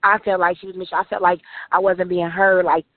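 A woman's voice: lowish voice, flat delivery, brisk, no echo. A woman, telling her life story as an interview guest, emotional and full of "like"s. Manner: emotional, run-on storytelling with many "like"s. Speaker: author and guest. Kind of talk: personal testimony in an interview. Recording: tinny phone-like line.

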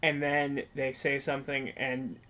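A young man co-hosting a podcast, retelling scenes in an animated way during casual chat. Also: mid-range voice, measured pace. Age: young adult. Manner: animated storyteller. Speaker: podcast co-host.

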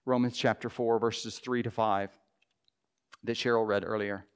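A man preaching a sermon to his congregation, earnest, dropping to a soft hush when he voices quoted prayers. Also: on the low side, little pitch movement, a little slow, clean tone. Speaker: pastor.

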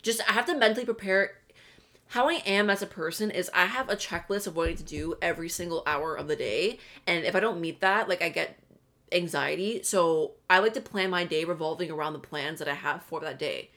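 A young woman with a slightly low voice co-hosts a casual podcast. She talks frankly and with firm opinions, and swears now and then. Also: brisk, fairly bright tone. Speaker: podcast co-host. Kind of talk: casual chat.

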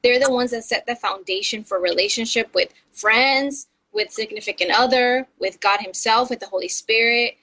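A woman's voice: fairly high pitch, moderate pace, few pauses, pushed and bright, low-quality recording. A woman co-hosting a casual faith podcast, earnest and encouraging, laughing often. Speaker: podcast co-host.

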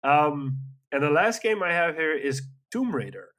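A man's voice: fairly high pitch, big pitch swings, a little slow, a bit bright. A man in casual chat as a podcast co-host, talking in a rambling, enthusiastic way with frequent fillers.

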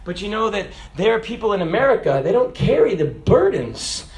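A middle-aged man preaching a sermon, moving from quiet, chatty asides to loud, shouted preaching. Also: high voice, sing-song, fairly quick, echoey room.

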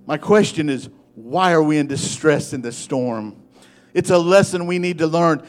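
A man preaching a sermon as pastor, moving from soft, low asides to loud, rising exhortation. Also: lively intonation, moderate pace.

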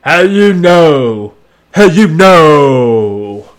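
A man voicing a gruff young male detective, talking slow and low. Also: big pitch swings, exaggerated voice. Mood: baffled.

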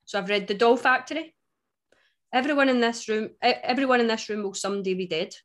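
A Scottish woman from Scotland co-hosting a book podcast, chatting in a wry, animated way. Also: fairly high pitch, brisk. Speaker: podcast co-host. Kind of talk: casual chat.

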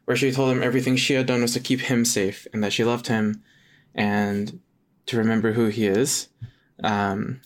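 Man sharing trivia in a casual podcast. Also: on the low side. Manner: reads out fun facts, hesitant fillers. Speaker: podcast co-host.

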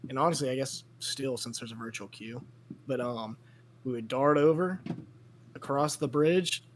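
A young man co-hosting a casual podcast. He talks in an offhand, relaxed way and says "like" a lot. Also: mid-range voice, moderate pace, a little hiss or hum. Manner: relaxed, offhand, uses like often. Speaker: podcast co-host.

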